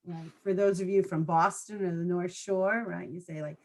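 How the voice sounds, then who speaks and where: A woman's voice: fairly low pitch, flat delivery, normal speed. A woman trainer giving a training presentation to school staff in a conversational way, often checking in with her listeners through short tag questions.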